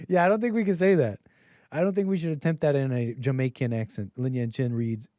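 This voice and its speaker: A man in his thirties hosts a call-in livestream in a loose, rambling way, chuckling as he reads viewer messages aloud. His voice has a mellow, darker tone. The recording is dry and close, with no room sound. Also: medium pitch, steady tone, normal speed, long pauses, dry recording. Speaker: host of a call-in stream. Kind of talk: casual livestream commentary.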